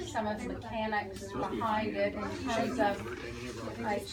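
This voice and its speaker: A woman's voice: mid-range voice, little pitch movement, slow pace, gravelly. Hesitant woman asking from the crowd. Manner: searching, hesitant phrasing. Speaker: audience member asking questions. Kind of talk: casual question. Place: bookstore reading. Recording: distant roomy recording with crowd.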